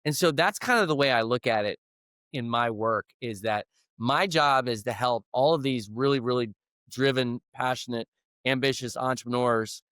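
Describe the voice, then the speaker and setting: A man's voice: mid-range voice, moderate pace, a bit bright, clean tone, no echo. Earnest storytelling man, dry sound. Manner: earnest storyteller who acts out quoted dialogue. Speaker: leadership coach and guest. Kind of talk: storytelling in a conversational interview.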